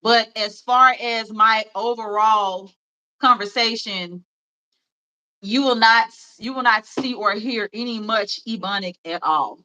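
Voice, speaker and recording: A woman's voice: fairly high pitch, slow, pushed and bright, low-quality recording. A woman in her thirties with a Memphis accent, hosting a livestream in rambling, chatty talk full of fillers and laughs. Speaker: livestream host. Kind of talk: casual chat.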